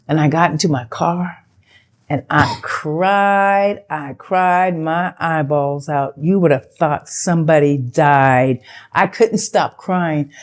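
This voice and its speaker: Older woman telling a lively story, low-pitched. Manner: animated, acts out quoted dialogue with big pitch jumps; chatty, loose, with fillers and self-interruptions. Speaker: actress interview guest. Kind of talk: storytelling in a sit-down interview.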